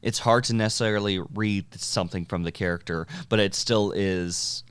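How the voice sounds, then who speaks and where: A man with a low, smooth voice co-hosts a casual podcast, musing reflectively and chuckling now and then. His voice sounds close and dry, with no room around it. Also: steady tone, normal speed, a bit bright, no room sound. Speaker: podcast co-host.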